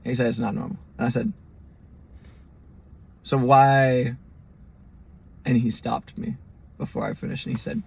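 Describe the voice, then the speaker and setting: A young man hosting a podcast, telling a story in an animated, profane way and mimicking the people in it. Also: mid-range voice, a little slow, gravelly, long pauses, husky. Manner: animated, profane, mimics others in quoted lines. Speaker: podcast host. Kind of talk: storytelling monologue.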